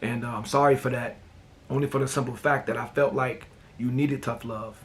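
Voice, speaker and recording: A man hosting a casual talk show, telling personal stories in a relaxed way and often repeating "man" and "you know.". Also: medium pitch, a little fast, a little hiss or hum. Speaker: host.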